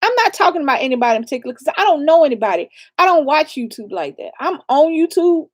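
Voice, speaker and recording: A woman co-hosting a casual chat, telling stories with loud, expressive exclamations. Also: high voice, fast, dry recording. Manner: animated storyteller, loud exclamations. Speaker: co-host of a couple's channel.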